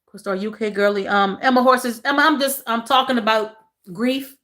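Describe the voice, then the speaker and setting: A woman's voice: fairly high pitch, steady tone, normal speed. Woman livestreaming, emotional and repetitive. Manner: repeats phrases, talks to chat as y'all; soft, emotional. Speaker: livestream host. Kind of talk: casual livestream chat with viewers.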